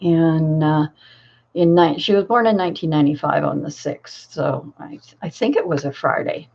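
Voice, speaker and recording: A woman's voice: deep voice, normal speed, gravelly, a little mellow, dull audio. An older woman, a grandmother and crafting channel host, telling a family story in a casual, rambling way full of fillers and restarts.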